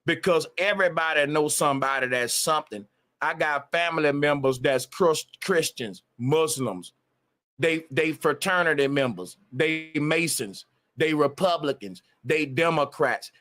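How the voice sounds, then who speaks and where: A man's voice: fairly high pitch, unhurried, a bit bright. A man on a livestream, ranting emphatically with a lot of profanity and repetition. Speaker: live streamer. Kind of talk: casual livestream rant.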